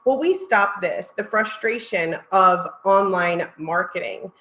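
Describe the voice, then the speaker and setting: Presenting at a virtual conference, a marketing executive thanks her audience, heartfelt and close to tears. Her mid-range voice is slow and a bit bright, with lively intonation. The sound is roomy and the recording rough.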